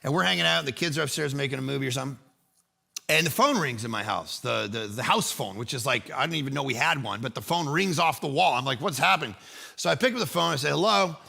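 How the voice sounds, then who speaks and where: Male pastor, middle-aged, gravelly edge, bright tone, casual and animated storyteller. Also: mid-range voice, fast. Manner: animated, acts out voices in his story, casual slang. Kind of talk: sermon with a storytelling anecdote.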